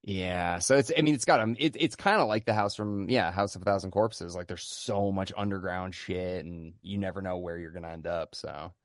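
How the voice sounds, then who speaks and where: A man's voice: low voice, normal speed, hardly any pauses, no room sound, studio quality. A man hosting a podcast, chatting casually about a film, laid-back, swearing freely and steering the talk along.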